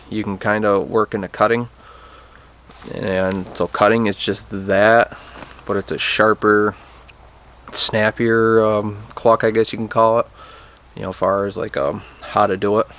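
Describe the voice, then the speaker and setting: A man's voice: on the low side, fairly bright tone, a little hiss or hum. A man casually teaching a hands-on technique, plainspoken and hesitant, often restarting his sentences. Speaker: turkey call instructor. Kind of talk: casual how-to demonstration.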